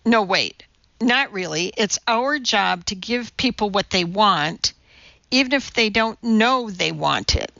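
A woman's voice: medium pitch, lively intonation, slow, vocal fry, sharp tone, no room sound, muffled recording, heavily acted. A woman voicing an anxious male TV producer who pleads and frets. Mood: pleading. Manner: pleading, flustered.

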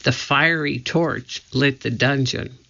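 Slow, gravelly storybook narrator. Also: medium pitch, sharp tone. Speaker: audiobook reader. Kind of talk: children's book narration. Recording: muffled lo-fi recording.

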